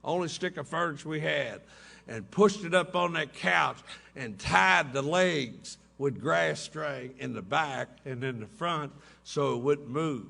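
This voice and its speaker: His voice runs on the high side, gravelly with a sharp edge. He's a recovery meeting speaker spinning folksy, comic stories for a hotel ballroom audience and laughing at his own jokes.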